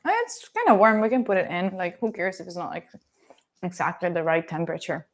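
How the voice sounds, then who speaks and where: A woman's voice: fairly low pitch, animated, fairly quick. A young woman from Italy with an Italian accent, chatting playfully with her stream while cooking, teasing her viewers and swearing casually. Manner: chatty, playful, swears freely, teases chat. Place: home kitchen.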